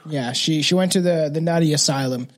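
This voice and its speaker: A man's voice: on the high side, fairly quick. A man hosting a true crime podcast, talking casually and rambling, with many restarts. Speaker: podcast host.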